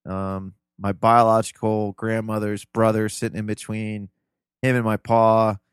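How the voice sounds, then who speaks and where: A man's voice: lowish voice, monotone, unhurried, smooth, no room sound, studio quality. A man from Ohio, a podcast guest, telling family stories in a loose, earnest, rambling way. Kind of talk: casual interview storytelling.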